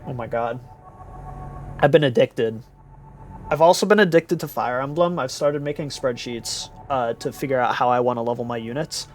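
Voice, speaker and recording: A man's voice: mid-range voice, normal speed, a little hiss or hum. A tired young man streaming live, chatting casually with viewers in a rambling, giggly way and playfully repeating words.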